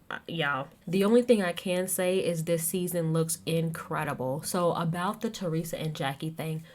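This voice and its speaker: A woman hosting a casual recap podcast, chatting to listeners and acting out quoted lines with big jumps in her voice. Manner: animated, acts out quotes with big pitch jumps. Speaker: podcast host recapping reality TV.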